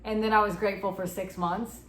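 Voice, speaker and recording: A woman's voice: mid-range voice, fairly even intonation, a little fast, a bit bright. A woman in her twenties recounts a personal experience candidly in an interview, acting out the dialogue as she goes. The room sounds echoey, with a faint hiss underneath. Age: 20s. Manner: candid, retelling with quoted dialogue. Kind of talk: personal story in a recorded interview.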